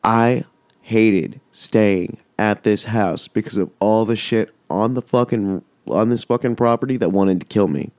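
Low, mellow-voiced man telling a rambling story. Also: measured pace, dry recording. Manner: rambling and heavily profane. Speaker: podcast host. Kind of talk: casual storytelling.

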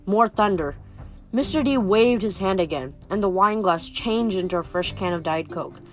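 A woman's voice: mid-range voice, expressive, moderate pace, soft background music. A woman reading a novel aloud in a casual, slightly stumbling way. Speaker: reader.

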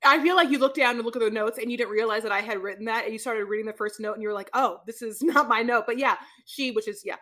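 A woman co-hosting a podcast, sassy and animated in casual chat about reality TV. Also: a little high, rapid-fire, hardly any pauses. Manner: sassy, animated, calls people honey. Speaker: podcast co-host.

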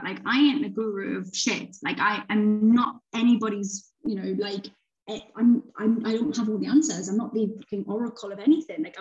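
A middle-aged woman, an author chatting casually as a podcast guest, animated and swearing freely. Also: a little high. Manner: animated, swearing, talks in quoted self-talk. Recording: slightly dull, lo-fi sound.

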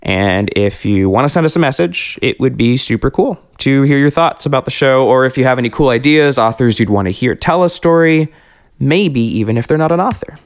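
A man's voice: mid-range voice, lively intonation, a little fast. Laid-back upbeat male podcast host. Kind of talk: casual outro chat.

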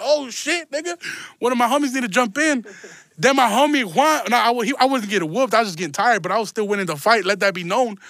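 A man's voice: very high voice, sharp tone, no room sound, studio quality. A young man hosting a podcast, telling a long story in casual, slangy, profane talk and laughing along the way. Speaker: podcast host.

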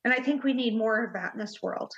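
A woman's voice: fairly high pitch, fairly bright tone. Earnest woman guest, muffled audio. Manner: earnest, halting, many fillers. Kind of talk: personal interview talk.

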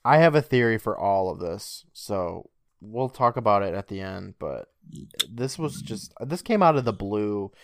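Animated low-voiced man chatting. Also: unhurried, dry recording, clean studio sound. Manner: animated, loose and profane. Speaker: podcast co-host. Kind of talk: casual chat.

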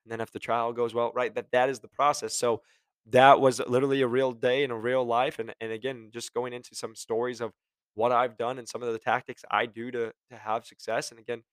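Casual, energetic young man giving sales advice. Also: mid-range voice, no room sound. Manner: energetic, conversational, acts out phone calls; admits he gets passionate and curses. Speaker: medical device sales rep sharing advice.

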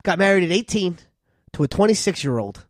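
A man's voice: sits high, expressive, brisk, no room sound, clean studio sound. A man co-hosting a trivia podcast who casually asks questions and chuckles along. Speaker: podcast co-host.

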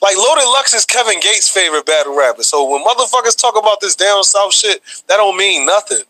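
A man in casual podcast chat, animated and loose with slang and profanity. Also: high-pitched, brisk, dry recording, poor audio. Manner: animated, heavy slang and profanity, frequent laughing. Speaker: podcast co-host. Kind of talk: casual chat about battle rap.

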